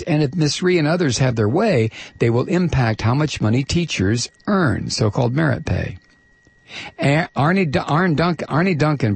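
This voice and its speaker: Husky gravelly guy on talk radio reading out a letter, dry close sound, leans hard on words, sarcastic. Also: mid-range voice, dry recording. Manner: emphatic, sarcastic, stretches key words. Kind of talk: reading a letter aloud on air.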